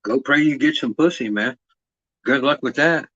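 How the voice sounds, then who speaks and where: Husky and mid-range, with a bright, forceful edge, a middle-aged man delivers a profane livestream rant at a moderate pace. His heavy swearing comes with mocking rhetorical jabs aimed at the listener. The lo-fi recording is dry and close, with no room sound.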